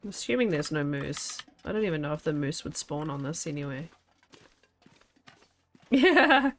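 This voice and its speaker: A woman's voice: sits low, sing-song, moderate pace. A woman with a New Zealand accent chatting casually to her viewers while streaming a game, laughing often. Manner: chatty, laughs often, talks to chat and herself. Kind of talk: casual chat while playing.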